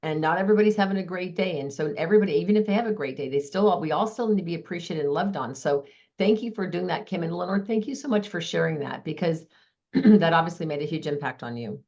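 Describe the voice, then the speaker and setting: Quick-talking, chatty woman host. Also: lowish voice, expressive, darkish tone, lo-fi sound. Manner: chatty storyteller acting out dialogue. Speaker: meeting host. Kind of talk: casual group sharing.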